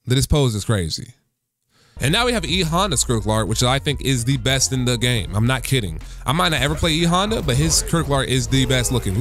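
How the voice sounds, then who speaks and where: A young man giving casual gaming reaction commentary as a YouTuber, slangy and excitable, breaking into loud bursts of hype. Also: mid-range voice, fairly quick, soft background music.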